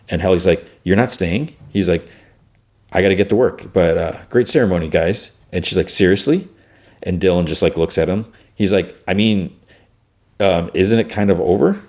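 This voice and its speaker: A man with a very low voice hosts a podcast and retells a show in a loose, rambling way. He fills his talk with fillers and restarts. When he quotes the characters, his pitch climbs. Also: darkish tone. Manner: loosely acts out characters' lines with rising pitch. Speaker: podcast host. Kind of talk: casual episode recap.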